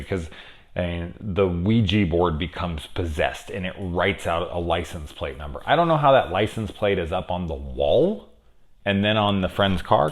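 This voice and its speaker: Casual male movie reviewer, very low voice, profane and rambling. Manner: rambling, profane and enthusiastic, with many fillers.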